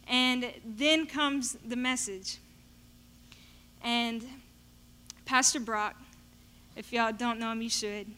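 A woman telling her personal faith testimony in an animated storytelling way. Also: on the high side, slow pace, pauses often. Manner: animated storytelling, acting out her past self in quotes. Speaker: speaker sharing a testimony.

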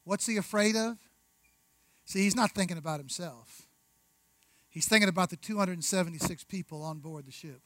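A man preaching a sermon, conversational, with rhetorical questions, asides and slow, deliberate emphasis on key words. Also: high-pitched, a bit bright, dry recording, poor audio. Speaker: pastor.

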